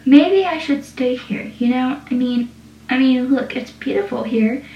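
A woman voicing a drunk, jealous teenage girl in a lilting, higher reading voice. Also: expressive, a little slow, lo-fi sound. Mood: tipsy. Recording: roomy sound, distant mic.

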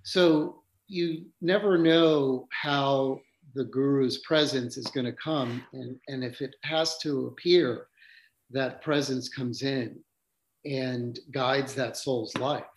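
A man telling spiritual stories at a slow, deliberate pace. His voice sits in an ordinary middle pitch. He is reflective and unhurried, often pausing to gather his thoughts. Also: steady tone. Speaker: yoga teacher.

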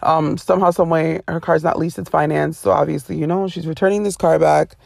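A woman casually retelling a personal story to her viewers, rambling and animated with frequent self-corrections. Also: low-pitched, brisk, creaky, dry recording.

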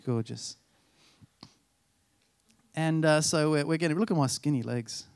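High-voiced pastor telling stories. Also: male voice, unhurried, darkish tone, clear, resonant tone, no room sound. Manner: chatty, self-deprecating, acts out dialogue. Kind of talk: sermon with personal storytelling.

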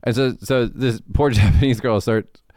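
A podcast co-host chats casually, blunt and rambling, cursing freely. His mid-range, darkish voice moves at a moderate pace, recorded dry with clean studio sound.

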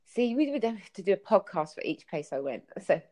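Animated woman telling travel stories. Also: medium pitch, fairly quick, heavy background noise. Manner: animated storyteller, acts out quotes. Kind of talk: casual podcast chat.

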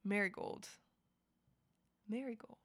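A woman's voice: mid-range voice, slow, fairly bright tone, no echo. A woman co-hosting a casual chat podcast, running a playful quiz game with lots of laughs and jokes. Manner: playful, giggly, jokey quizmaster.

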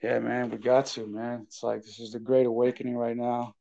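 A man's voice: medium pitch, brisk, vocal fry, highs cut off. A man appearing as a guest on a podcast, answering in short, easygoing, agreeable remarks. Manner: relaxed, agreeable, short replies. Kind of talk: casual chat.

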